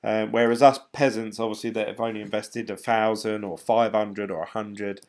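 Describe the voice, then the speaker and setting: A man's voice: fairly low pitch, level tone, normal speed. A man chatting casually on a live stream, rambling and laughing often as he reads comments. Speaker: crypto vlogger reading live chat.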